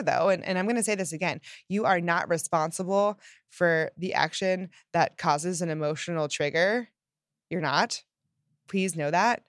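A woman with a lowish voice talks through a reflective self-help monologue. She sounds earnest and candid, speaking straight to the listener. The sound is close and dry. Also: no echo.

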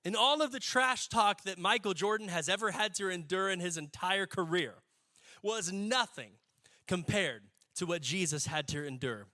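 A young adult man preaching a sermon, folksy and animated, building to emphatic peaks. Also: high-pitched, moderate pace. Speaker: pastor.

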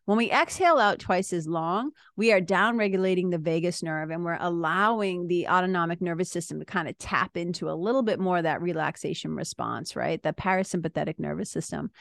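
A woman, a yoga and spiritual teacher talking casually, chatty and animated with frequent asides. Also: lowish voice, gravelly, no echo, studio quality. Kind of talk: casual talk.

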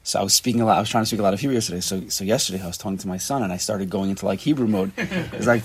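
A man with a fairly deep voice rattles off an informal Torah lesson to a small group, barely pausing. He's animated, repeats phrases, and weaves in Hebrew and Yiddish terms.

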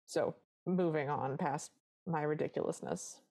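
A woman's voice: low voice, unhurried, dark tone, slightly rough. A woman co-hosting a podcast, recapping a movie in casual chat with wry asides. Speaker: podcast co-host.

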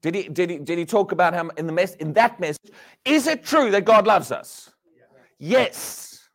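A male preacher with a high voice delivers a sermon. His delivery is very animated, and his pitch rises and falls widely. He fires rhetorical questions at the congregation and drops some lines to a hush. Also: normal speed, creaky. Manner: animated, rhetorical questions, swings from loud to hushed.

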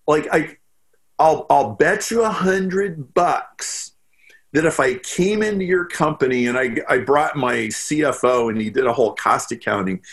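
A man guesting on a podcast, talking in an animated, storytelling way with lots of "like" fillers. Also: on the high side. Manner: storytelling, quick bursts with frequent "like" fillers. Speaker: podcast guest, business strategist. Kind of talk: animated interview talk.

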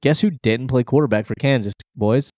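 A man's voice: mid-range voice, fairly quick, a little mellow, no room sound. A man co-hosting a casual college football podcast from home, playful and teasing, bragging about his picks. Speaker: podcast co-host. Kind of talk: casual sports podcast chat. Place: at home, leaking kitchen ceiling.

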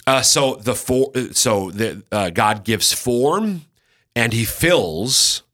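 A male radio host teaching the Bible in a conversational way. He thinks aloud with frequent restarts and slows down to stress key points. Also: medium pitch, lively intonation, fairly bright tone.

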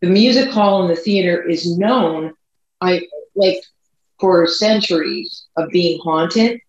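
A podcast co-host with a fairly low voice shares a personal story in a loose, rambling, chatty way, her pace speeding up and slowing down. The recording is dull and lo-fi, with roomy echo around her.

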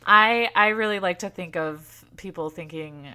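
A woman co-hosting a podcast, chatting in an animated, playful, theatrical way. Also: mid-range voice, measured pace, clear, resonant tone. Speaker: podcast co-host. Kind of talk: casual chat and ad read.

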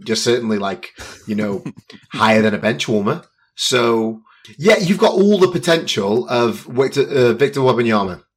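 A man's voice: mid-range voice, fairly bright tone, husky. A British man, a guest fighter, chatting casually and teasing the host playfully. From Britain. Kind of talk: casual chat.

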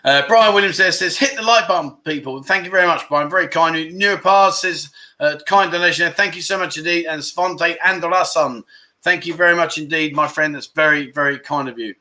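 A man's voice: a little high, a little fast, bright, forceful tone. A man hosting a casual livestream, chatty and jokey, bantering with viewers and reading out their comments in slangy, easygoing talk. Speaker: livestream host.

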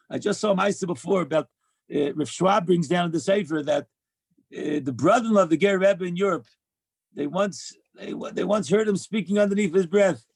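A man's voice: a little high, gravelly, breathy edge, no echo. A man giving a heartfelt religious talk, earnest and emphatic, repeating key phrases as he shares Torah lessons. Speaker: speaker sharing Torah lessons.

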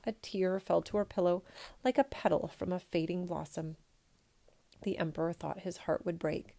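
Woman storybook reader, measured and gentle, slight vocal fry. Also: lowish voice, steady tone. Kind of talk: storybook read-aloud.

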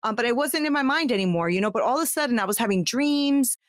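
A woman's voice: a little high, lively intonation, fast, no echo. Woman guest, heartfelt personal story, chatty with fillers, dry close sound. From United States. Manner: heartfelt, talkative, many fillers and restarts.

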